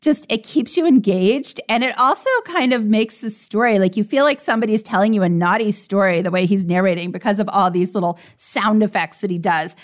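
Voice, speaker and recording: A woman's voice: mid-range voice, fairly quick, few pauses. Enthusiastic rambling woman co-host. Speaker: podcast co-host. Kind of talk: casual review chat.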